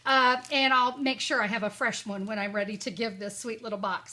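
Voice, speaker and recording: Chatty, upbeat woman with a high, bright voice, walking viewers through a crafting tutorial. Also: fairly even intonation, fairly quick, hardly any pauses. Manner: chatty and upbeat, with playful asides. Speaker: crafting demonstrator.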